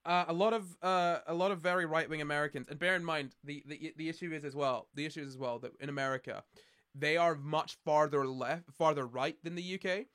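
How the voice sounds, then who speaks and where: His voice sits on the high side, steady and fairly bright, and he talks a little fast. The man is Scottish, with the accent to match, and he answers chat on a live stream in a rambling, sardonic style full of false starts and fillers.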